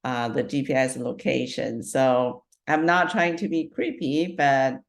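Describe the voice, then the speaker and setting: A woman with a low voice co-hosts a casual podcast chat. She thinks out loud about her own worries. She laughs lightly between her thoughts. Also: steady tone, a little slow. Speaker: podcast co-host.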